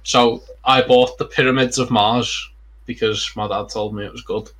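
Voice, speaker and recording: A man's voice: mid-range voice, steady tone, normal speed, a bit bright. A young man on a podcast, chatting casually in a rambling, sweary way with lots of fillers. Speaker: podcast co-host. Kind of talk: casual chat.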